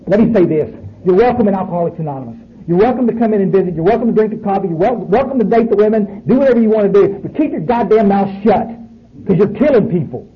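A man's voice: sits high, lively intonation, fast. A man, speaking bluntly and profanely to a room full of people at a recovery meeting. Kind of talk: speaking to an audience. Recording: muffled recording with faint noise.

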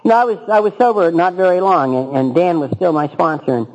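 A man's voice: on the high side, fast, a little mellow, low-quality recording. A man telling his own recovery story at a meeting, in a wry, self-mocking, humorous storytelling manner. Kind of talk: humorous personal storytelling talk.

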